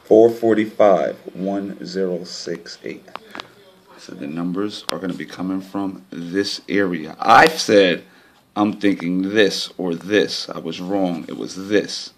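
Low gravelly man vlogging casually. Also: a little slow. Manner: excited and frustrated, pointing at a chart. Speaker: lottery system vlogger. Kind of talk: casual talk to camera.

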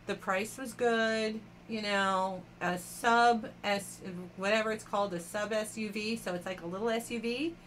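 Bright-voiced chatty woman auction host. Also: mid-range voice, steady tone, normal speed, few pauses, slight background noise. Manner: chatty, laughing often, addressing viewers by name. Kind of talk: casual live-stream chat.

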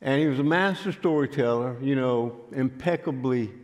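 An older man, telling a story in a sermon in a folksy, unhurried way. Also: mid-range voice. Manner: folksy, unhurried, frequent fillers. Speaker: pastor. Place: church sanctuary. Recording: church hall with long reverb.

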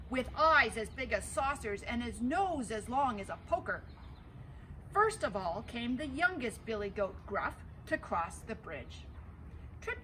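A woman pastor reads a folk tale aloud, her voice high and full of swooping, animated pitch. She tells it in a theatrical storytelling manner, and a faint hiss runs behind her. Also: poor audio.

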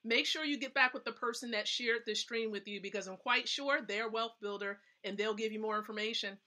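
A woman's voice: fairly high pitch, fairly quick, sharp tone. A woman hosting a casual live stream, giving chatty, emphatic tips and often checking in with her viewers. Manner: chatty, emphatic, asks the audience questions. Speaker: host.

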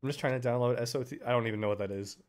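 A young man streaming a game, chatting casually with viewers, laughing often and breaking into loud outbursts. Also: mid-range voice, very fast. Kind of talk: casual live-stream commentary.

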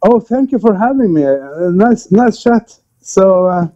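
Man, Norwegian accent, non-native English, mellow voice, slightly dull call audio. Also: sits high. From Norway. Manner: relaxed, halting, with many fillers and restarts. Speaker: guest musician. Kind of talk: casual remote interview.

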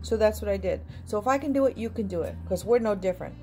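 Mellow-voiced woman vlogger, chatty. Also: mid-range voice, fast talker, soft background music. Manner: chatty and encouraging, repeats herself. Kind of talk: casual personal vlog talk.

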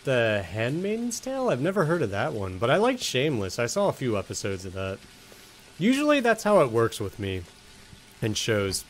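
Animated man streaming a game. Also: mid-range voice, moderate pace, slight background noise. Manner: joking, talks to the game and chat. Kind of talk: casual let's-play commentary.

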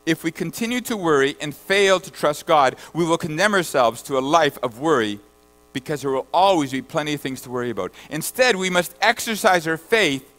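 A man preaching in a fairly high voice, reading scripture verses aloud between his own points. He swings from loud, emphatic bursts down to low, quiet lines. A faint mains hum runs under the recording. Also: rough recording. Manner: rises to loud emphatic bursts, then drops low and soft. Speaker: pastor. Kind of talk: sermon.

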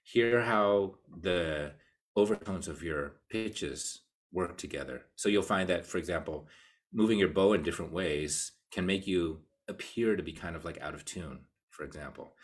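Low, husky-voiced man teaching cello. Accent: American. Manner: casual, explanatory, counts beats aloud. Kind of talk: live online masterclass talk.

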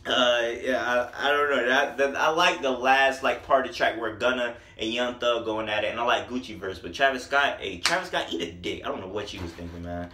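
A man's voice: mid-range voice, a little fast, hardly any pauses, pushed and bright, echoey room, slight background noise. A man giving a casual, profane and joking music review.

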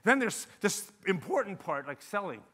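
A man in his sixties giving a lively sales talk to a conference audience, acting out quoted phone calls with a lot of back-and-forth. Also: sits high, normal speed, slightly rough. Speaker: conference speaker. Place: conference hall stage.

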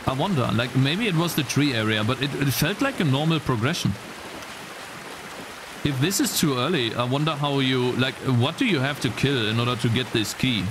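A man's voice: mid-range voice, normal speed, noisy background. A man streaming a video game in casual commentary, chatting to his viewers and swearing freely when frustrated. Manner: swears freely, easily frustrated, talks to chat. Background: game music.

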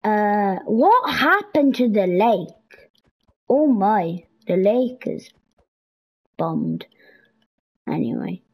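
A young woman giving casual, excitable commentary while playing a video game, pleading with and scolding game characters. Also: mid-range voice, slow, breathy edge, poor audio. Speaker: gameplay streamer. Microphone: headset or console mic.

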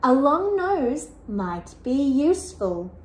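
Woman voicing a calm friendly snake, lowish steady voice, storybook, echoey room. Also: takes it slowly, exaggerated voice.

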